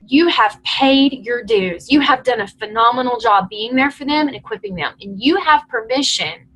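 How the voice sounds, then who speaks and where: Lady coaching her team on a call, high bright voice, chatty and encouraging. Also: low-quality recording.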